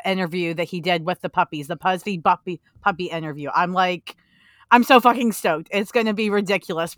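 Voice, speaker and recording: A young woman co-hosting a podcast in casual chat, excitable and self-deprecating. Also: fairly low pitch, clean tone, no echo, clean studio sound. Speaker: podcast co-host.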